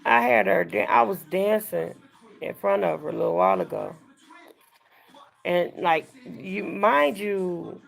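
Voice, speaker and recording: Slow, gravelly woman chatting on a live stream. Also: mid-range voice. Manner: chatty, confiding, addresses viewers as y'all and girl. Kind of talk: casual live-stream chat.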